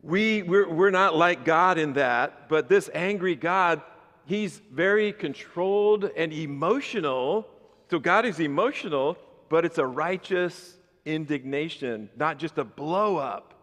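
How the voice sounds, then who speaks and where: A man preaching a sermon, his voice sitting a little high for a man. He shifts from steady explanation into loud, emphatic bursts. The sound carries the long reverb of a large church hall. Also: unhurried. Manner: animated, switches between calm teaching and loud emphatic bursts. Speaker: pastor.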